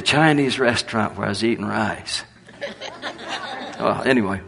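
An older man preaching, telling animated folksy stories and laughing through them. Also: on the low side, normal speed, vocal fry, a crowd in the background. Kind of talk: storytelling sermon.

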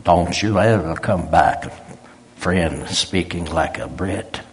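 A man voicing a gruff old Texan oilman friend who scolds slowly in a low voice. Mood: scolding.

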